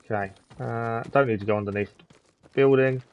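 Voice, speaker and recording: A man's voice: medium pitch, fairly even intonation, brisk, phone-quality sound. A man hosting a live gaming stream, chatting casually with viewers and commenting on the game. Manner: chatty, friendly, reads chat aloud, says "to be fair" often.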